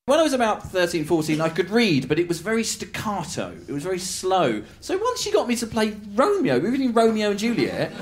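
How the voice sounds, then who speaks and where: A man doing stand-up comedy storytelling, animated and self-mocking, laughing through his lines. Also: sits high, a little fast, few pauses.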